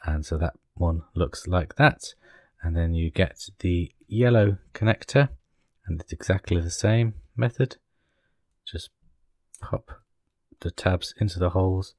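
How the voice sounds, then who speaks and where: Low-voiced man explaining a model build. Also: a little mellow, no room sound, studio quality. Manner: chatty, apologetic asides while working. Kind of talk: casual step-by-step build tutorial.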